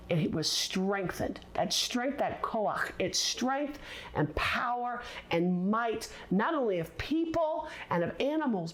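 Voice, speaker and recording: A woman teaching a recorded Bible lesson, expressive and deliberate, leaning on words for dramatic emphasis. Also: mid-range voice, slight background noise.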